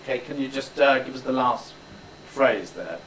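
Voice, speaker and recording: A man's voice: medium pitch, normal speed, fairly bright tone. Encouraging male drama teacher. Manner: encouraging, demonstrates lines aloud. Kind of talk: coaching a student through a speech. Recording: roomy, distant mic, faint background noise.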